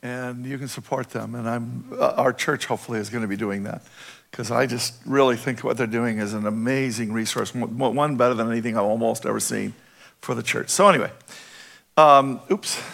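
A man's voice: mid-range voice, fairly even intonation, brisk, vocal fry, a bit bright. A middle-aged man preaching a conversational sermon as a pastor, often checking in with his listeners with questions.

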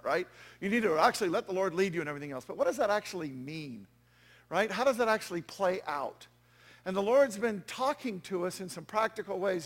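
A man preaching a sermon as pastor, conversational and self-deprecating, with frequent asides to the congregation. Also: sits high.

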